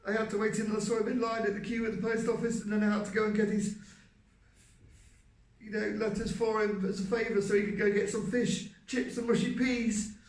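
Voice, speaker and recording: A man voicing an apologetic man in pain, in a high, strained voice. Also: little pitch movement, a little fast. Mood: anxious apology. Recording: roomy, distant mic.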